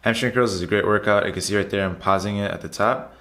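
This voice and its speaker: Deep-voiced man doing a casual gym vlog. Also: steady tone, fast talker, pushed and bright. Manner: loose, repetitive, chatty, says "guys" often. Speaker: fitness vlogger. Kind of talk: casual voiceover over workout footage.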